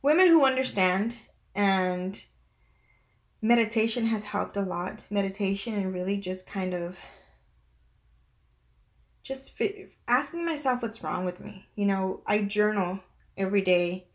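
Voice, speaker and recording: A woman in her thirties talking to her viewers in a personal confessional vlog, halting and close to tears, with many restarts and fillers. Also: medium pitch. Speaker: vlogger.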